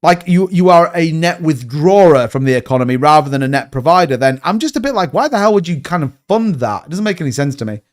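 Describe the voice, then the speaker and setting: A man's voice: fairly high pitch, lively intonation, quick pace, few pauses. A man with a Yorkshire accent, chatting bluntly on a livestream and answering viewers, often repeating himself and calling people mate. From Yorkshire, England. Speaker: crypto livestream host. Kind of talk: casual livestream chat reading viewer comments.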